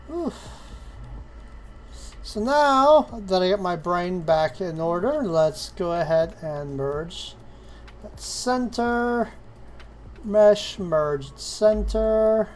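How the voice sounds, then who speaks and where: A woman with a fairly low, darkish voice streams casually while doing 3D modeling, slowly talking herself through each step and chatting to her cat with both fondness and exasperation. There's slight background noise.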